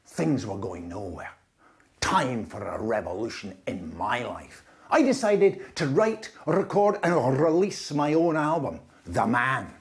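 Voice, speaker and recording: A man's voice: medium pitch, sing-song, unhurried, gravelly. A man with a Scottish accent telling a first-person story in a wry, dry way. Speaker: narrator, music publisher.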